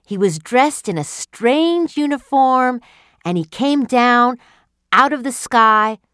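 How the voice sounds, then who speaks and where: A woman's voice: fairly high pitch, expressive, takes it slowly, fairly bright tone, clean tone, no room sound, studio quality, voice pushed up. A woman voicing an eager, wondering alien wife who tells of a strange dream, in a read-aloud story. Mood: excited.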